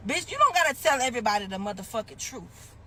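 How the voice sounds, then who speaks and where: A woman telling a profane story to her followers, brash and fast, cursing freely. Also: sing-song, fairly bright tone. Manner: brash, cursing, acts out phone call in high voice. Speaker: social media poster in played clips.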